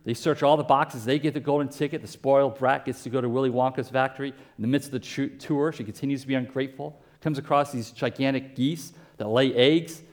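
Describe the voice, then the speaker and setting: A pastor preaching a sermon in a conversational way, with asides and everyday comparisons. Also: male voice, medium pitch, fairly even intonation, fairly quick, hardly any pauses.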